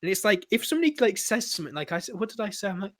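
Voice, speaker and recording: A man's voice: high voice, big pitch swings, rapid-fire, a bit bright, no room sound, clean studio sound. A man co-hosting a casual podcast chat. He tells stories animatedly, swears freely and laughs often. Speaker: podcast co-host.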